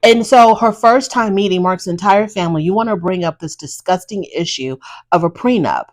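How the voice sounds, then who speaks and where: A woman's voice: lowish voice, normal speed. Blunt sassy woman recapping reality TV. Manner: blunt, sassy, talks straight to the people on screen. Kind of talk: casual commentary recap.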